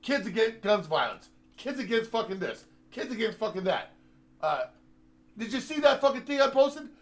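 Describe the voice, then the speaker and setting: A man's voice: high voice, sing-song, moderate pace. A man on a heated, profane political rant, sarcastic and rambling, with many filler sounds as he talks. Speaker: host.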